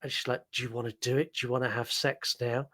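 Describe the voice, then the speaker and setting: A man's voice: medium pitch, little pitch movement, fast, a bit bright. A man co-hosting a podcast, chatting casually and rambling through a film recap with many "like"s and "um"s. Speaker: podcast co-host.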